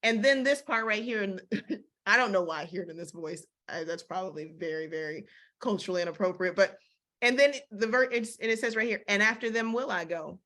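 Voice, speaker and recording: A woman teaching a casual Bible study, lively and slangy, acting out the verses she quotes. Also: medium pitch, fairly quick.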